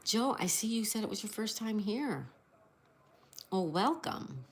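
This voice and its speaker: A woman's voice: mid-range voice, big pitch swings, unhurried, breathy edge. A woman hosting a casual livestream, greeting viewers, reading chat aloud and spelling out crossword answers. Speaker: livestream host.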